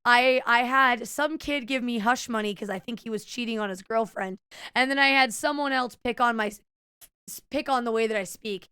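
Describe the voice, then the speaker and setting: Young woman, streamer, casual swearing chat, slight stutter, bright tense voice, dry close mic. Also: fairly high pitch, moderate pace, smooth, no room sound. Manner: animated storytelling, quoting herself, swears often, slight stutter.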